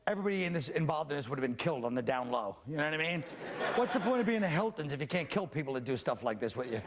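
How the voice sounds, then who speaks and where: A man hosting a comedy panel show, delivering a sardonic, mock-alarmed stand-up monologue before a live studio audience. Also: on the high side. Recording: studio audience laughter and noise.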